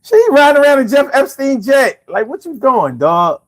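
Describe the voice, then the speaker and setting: A man's voice: very high-pitched, big pitch swings, moderate pace. A man hosting a casual livestream and chatting with viewers, with slangy, profane, rambling speech full of repeats. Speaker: livestream host reading chat. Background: his own bongos and faint music.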